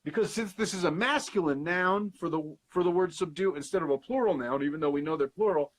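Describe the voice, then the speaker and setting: A man hosting a casual Bible study over a video call, slowly sounding out Hebrew words and explaining them with the odd curse. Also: on the high side, rough recording. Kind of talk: casual teaching livestream.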